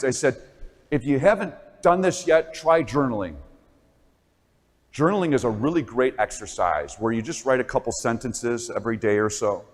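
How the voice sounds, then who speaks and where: Man giving an animated talk in a church. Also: medium pitch. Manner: animated, acts out classroom dialogue. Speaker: speaker addressing parents. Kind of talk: motivational talk with storytelling. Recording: long reverb in a church.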